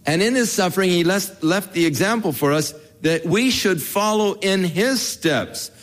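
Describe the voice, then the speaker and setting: A man's voice: sits high, expressive, moderate pace, a bit bright. An older man, a pastor, giving a folksy, conversational Bible teaching sermon, telling family stories with chuckles. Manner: folksy, storytelling, chuckles as he talks.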